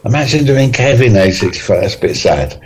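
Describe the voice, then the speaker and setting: A man's voice: mid-range voice, sing-song, fairly quick, low-quality recording. A man in his sixties, a guest comedian chatting in a radio interview, genial and rambling with fillers and chuckles. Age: 60s. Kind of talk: relaxed interview chat.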